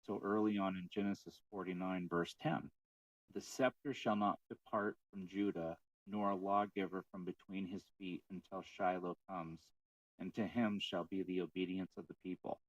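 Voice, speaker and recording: A man co-hosting a casual podcast about faith, telling stories with animated retelling of what others said. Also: sits low, moderate pace, no echo, recorded from a distance, highs cut off. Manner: storytelling, animated retelling of quotes. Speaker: podcast co-host.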